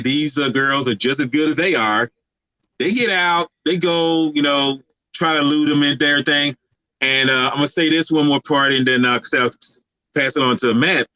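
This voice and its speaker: A man on a podcast giving a casual, halting movie recap full of fillers and restarts. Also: a little high, pushed and bright, no echo, rough recording. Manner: rambling, halting with many fillers. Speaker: podcast co-host.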